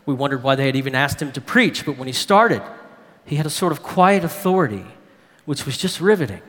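A man's voice: on the high side, expressive, fairly quick, fairly bright tone, pitched below the performer's own voice. A man voicing a young boy who tells his uncle a story in a plain, chatty letter. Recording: long hall reverb.

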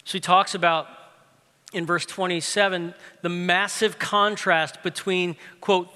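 A male pastor giving a lively, conversational sermon with casual asides and humor, recorded in a large reverberant room. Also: high voice, unhurried, clean tone. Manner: lively, conversational, uses humor and pop-culture stories.

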